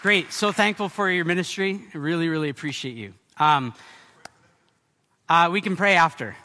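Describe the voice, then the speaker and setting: A male pastor preaching a sermon to a church gathering, energetic and excitable, with quick restarts and playful asides. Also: fairly high pitch, a faint crowd.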